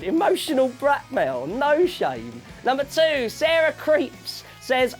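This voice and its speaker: A man's voice: extremely high pitch, measured pace, few pauses. A man presenting a music TV show with jokey asides and a chatty interview manner. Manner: jokey asides, lively reading, chatty fillers.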